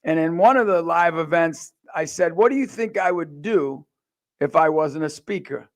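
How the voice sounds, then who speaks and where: An American man in his forties giving an impassioned faith testimony, swinging from quiet asides to loud acted-out quotes. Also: fairly high pitch, normal speed. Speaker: speaker. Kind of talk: personal testimony talk.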